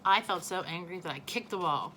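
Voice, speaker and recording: A woman teacher reading a children's novel aloud, expressive and correcting her own small slips. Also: on the low side, brisk, a little hiss or hum, low-quality recording.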